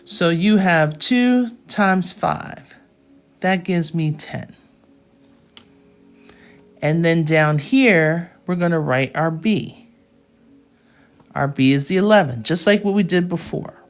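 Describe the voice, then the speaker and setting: Female math tutor, patient and methodical, talks slowly, light music underneath. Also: fairly low pitch. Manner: slow, patient step-by-step explaining with check-ins. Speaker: math teacher. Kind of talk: live classroom math lesson.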